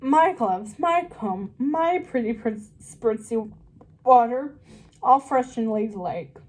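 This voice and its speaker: A woman's voice: on the high side, expressive, takes it slowly, darkish tone, rough recording. A woman voicing a dim, vain young servant girl in a storybook reading, chattering dreamily to herself. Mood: dreamy.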